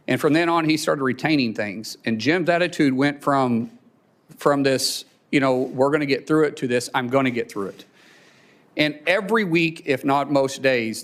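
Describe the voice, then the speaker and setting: A man testifying at a hearing, telling a personal story in a halting way that repeats words and chokes up with emotion. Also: mid-range voice. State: emotional, near tears. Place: hearing room.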